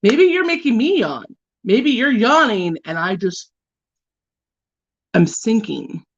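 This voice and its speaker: A drowsy woman hosts a livestream, trading jokes with viewers while she works on her makeup. Her pitch leaps and dips freely as she teases. The sound is dull and lo-fi, with no room echo around her. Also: big pitch swings, slow pace. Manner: playful and teasing, yawning often. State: sleepy. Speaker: livestream host doing makeup. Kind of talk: casual chat with live viewers. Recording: dull, lo-fi and dry.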